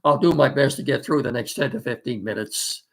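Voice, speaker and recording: A man's voice: medium pitch, fairly quick, vocal fry. A middle-aged man hosting a casual sports talk show, folksy and rambling with many fillers, his voice congested from allergies and a cough.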